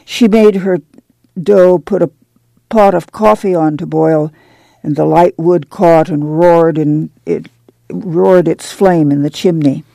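A reader narrating a dramatic audiobook in a steady, measured way. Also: mid-range voice, vocal fry, no room sound.

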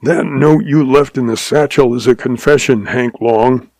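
A man voicing a greedy, suspicious banker who snarls and rasps his words. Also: mid-range voice, unhurried, a little mellow, dry recording. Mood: snarling. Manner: snarling, rasping. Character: greedy, suspicious middle-aged male banker.

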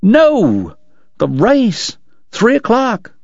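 A man voicing an excitable, prickly young dentist who bristles at being doubted. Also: a little high, no room sound, lo-fi sound, voice pushed up. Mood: indignant. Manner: indignant, quick to bristle.

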